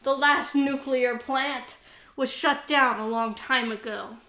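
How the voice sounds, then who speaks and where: A woman's voice: sits high, steady tone, takes it slowly, pushed and bright, roomy sound, full character voice. A woman voicing an old male professor coldly justifying himself, in a casual podcast retelling. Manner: matter-of-fact justifying.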